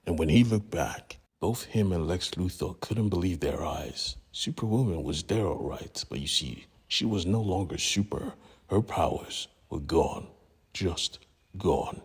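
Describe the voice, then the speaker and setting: A man's voice: low-pitched, lively intonation, a little slow, slightly rough. A man casually retelling a comic book story, slangy and profane. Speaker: comic book recap narrator.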